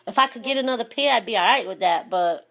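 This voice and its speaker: A woman's voice: medium pitch, lively intonation, quick pace, fairly bright tone. A woman hosting a casual chat, telling stories animatedly and laughing often. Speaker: host.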